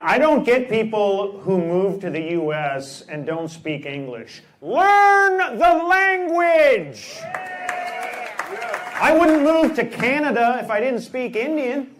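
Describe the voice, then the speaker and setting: A man doing a stand-up comedy set with deadpan delivery and crowd work in a large theater. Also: sits high, unhurried, hardly any pauses. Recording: echoey hall with loud noise and crowd.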